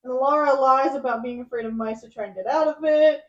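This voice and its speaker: A woman's voice: high voice, fairly quick. A woman co-hosting a book club podcast, chatting casually and playfully, retelling scenes with quoted voices. English is not her first language. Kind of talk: casual chat. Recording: roomy, distant, dull mic.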